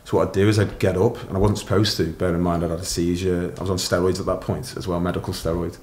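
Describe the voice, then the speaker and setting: A middle-aged man recounting his story with candid, matter-of-fact ease. His voice sits very low, and the room is roomy and reverberant, with a faint hiss of ambience behind him. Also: little pitch movement, fast talker, a little mellow. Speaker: podcast guest. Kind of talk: casual storytelling interview.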